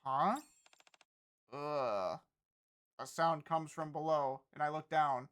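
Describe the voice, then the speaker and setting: A streamer reading a visual-novel game story aloud with a steady, plain delivery. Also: mid-range voice, slow.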